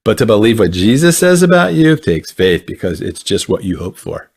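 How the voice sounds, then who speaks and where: A man's voice: fairly low pitch, big pitch swings, moderate pace. A man speaking earnestly in a conversational teaching style, often repeating words and restarting his phrases. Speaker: Christian ministry speaker.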